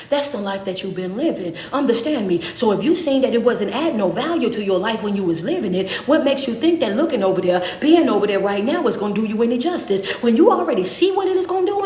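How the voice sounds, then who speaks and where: High-voiced woman preaching emphatically. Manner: emphatic preaching with repeated "understand me" tags. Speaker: motivational speaker. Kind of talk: livestreamed morning devotional. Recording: roomy echo.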